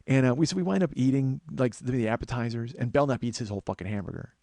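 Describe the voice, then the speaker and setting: A man's voice: medium pitch, quick pace, creaky, a little mellow, dry recording. A middle-aged man, a comedian and podcast host, telling a story as an exasperated, swearing rant. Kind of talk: storytelling monologue.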